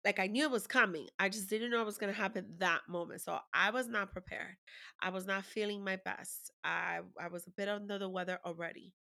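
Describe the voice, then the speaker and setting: Woman spilling a raw personal story, bright voice, cusses a lot, talks straight. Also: mid-range voice, fairly even intonation, a little fast, vocal fry. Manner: raw, emotional, swears freely. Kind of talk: candid conversational storytelling.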